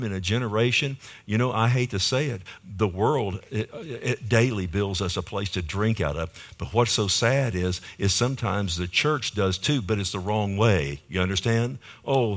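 A man preaching a sermon with rhythmic repetition and frequent calls to the congregation, dropping to hushed phrases and rising to loud emphasis. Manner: swings between low hushed phrases and sudden loud emphasis.

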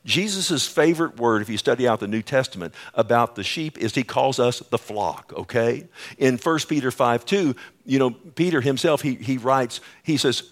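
A man preaching a sermon as a pastor, emphatic and repetitive, calling out to his listeners and dropping suddenly soft for effect. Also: medium pitch, expressive, normal speed. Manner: acts out quoted dialogue, repeats calls like "Amen?" and "Listen".

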